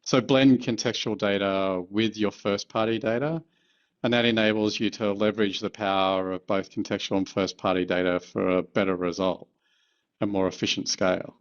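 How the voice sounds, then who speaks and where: A man working as an advertising executive, answering interview questions in a measured, thoughtful way with the odd filler. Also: lowish voice, fairly even intonation, dull audio.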